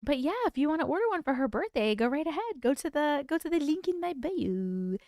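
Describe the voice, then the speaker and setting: A woman's voice: high voice, sing-song, fairly quick, darkish tone, no echo, studio quality. A woman hosting a casual livestream chat, greeting viewers by name, reading their comments aloud and laughing often. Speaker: livestream host.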